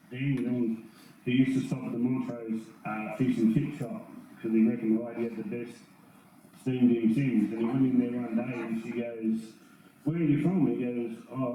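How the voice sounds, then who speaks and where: Australian man, casual storytelling eulogy, far from the mic in an echoey hall with clear background noise. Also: mid-range voice. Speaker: eulogy speaker. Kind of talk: funeral eulogy. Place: function room.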